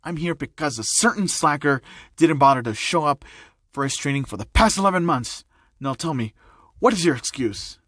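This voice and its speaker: A man voicing a gruff old retired male hero teacher in a fan-made audio story, scolding and stern. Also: fairly high pitch, animated, moderate pace, sharp tone, dry recording, clean studio sound.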